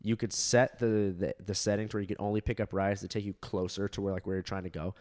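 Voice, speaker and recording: A man's voice: on the low side, level tone, fast, a little mellow. Rambling, laughing young man. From Southern California. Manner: rambling, laughing, heavy fillers and swearing. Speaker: comedian podcast co-host. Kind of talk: casual storytelling chat.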